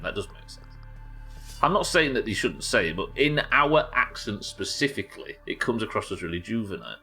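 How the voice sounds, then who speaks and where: Playing through a live stream, this Englishman talks in a lowish, bright, forceful voice. His casual commentary is wry and full of swearing, and he keeps up a running chat with his viewers.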